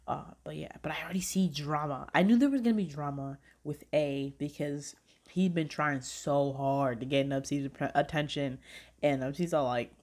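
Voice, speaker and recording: A woman with a low-pitched voice talking in a loose, chatty vlog style. She gushes excitedly, leans on filler words, laughs often and swears now and then. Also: moderate pace. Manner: gushing and excitable. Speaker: vlogger reviewing dramas. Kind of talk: casual chat.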